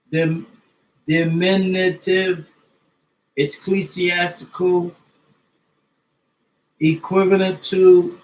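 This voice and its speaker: A man slowly reading a list of dictionary abbreviations and language names aloud, one item at a time. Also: sits high. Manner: slow, deliberate list reading. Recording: echoey room.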